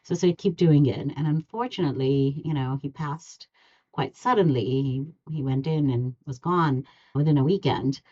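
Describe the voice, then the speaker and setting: A woman dentist, a podcast guest, telling a personal story in an earnest, steady way. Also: low-pitched, moderate pace, breathy edge, highs cut off.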